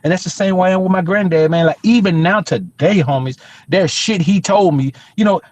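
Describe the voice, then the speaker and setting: A man's voice: sits high, a little fast, a little mellow. A middle-aged man telling a street story in a casual, profane, emphatic way as a podcast co-host.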